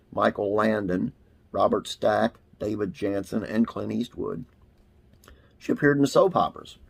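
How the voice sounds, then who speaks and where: A man's voice: fairly low pitch, vocal fry, darkish tone, husky. A man hosting a classic TV trivia channel, reading an article aloud in a casual way with frequent "uh" fillers.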